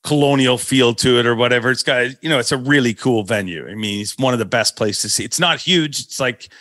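Animated middle-aged man telling a story. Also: medium pitch, a little fast, no room sound. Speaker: podcast host. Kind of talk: casual storytelling chat.

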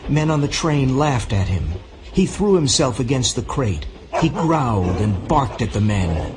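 A man narrating a simple audiobook for English learners, reading clearly and deliberately. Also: medium pitch, noisy background.

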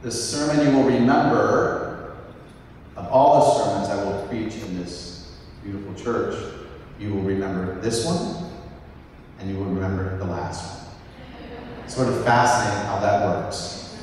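A middle-aged man preaching a sermon as pastor, telling stories in a conversational, animated way through a microphone in a large church. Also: lowish voice, measured pace, pauses often, recorded from a distance, a little hiss or hum. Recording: echoey church picked up from afar.

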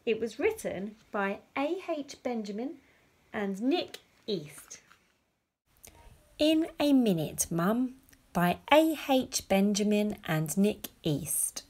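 A woman reading a children's picture book aloud, gently and expressively. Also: mid-range voice, lively intonation, slow pace. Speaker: storyteller.

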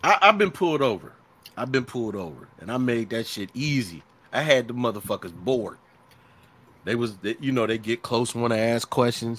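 A man's voice: medium pitch, expressive, normal speed, fairly bright tone. A middle-aged man co-hosting a podcast in casual chat, profane and storytelling, often acting out quotes. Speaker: podcast co-host.

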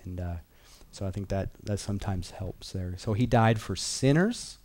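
A man's voice: on the low side, moderate pace, a little mellow. A man teaching a Bible class in an earnest, conversational way, repeating key phrases and reading verses aloud.

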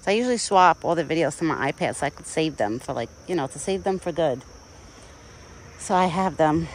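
A deep-voiced young woman vlogging on her phone in a rural yard outdoors chats casually and coos baby talk at a deer. The recording is rough, with slight background noise.

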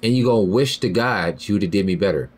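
A man hosting a podcast, delivering a heated, profane monologue that swings between loud high outbursts and low muttered lines. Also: fairly quick, slightly rough. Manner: heated, profane, repeats "you feel me" and "bro". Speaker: podcast host.

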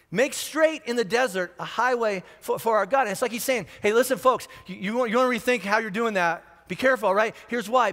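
A high-voiced male pastor preaching in a large church auditorium. He talks in a lively, conversational way, stumbling over restarts and tossing in asides. His voice rings with a long hall reverb. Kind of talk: sermon.

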